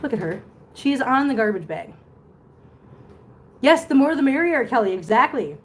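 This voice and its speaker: A woman's voice: sits high, very animated, moderate pace. A woman hosting a casual livestream at home, chatting to viewers and cooing at her cats. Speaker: vlog host. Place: home room with litter boxes. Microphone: phone. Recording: echoey room with faint noise.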